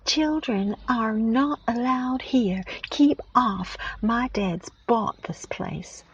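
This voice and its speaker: A woman voicing a brash, spoilt young boy bully, using a put-on American accent, loud and taunting, recorded muffled and lo-fi in a car. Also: medium pitch, slightly rough, pitched above the performer's own voice, exaggerated voice. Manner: loud, taunting, slow and emphatic.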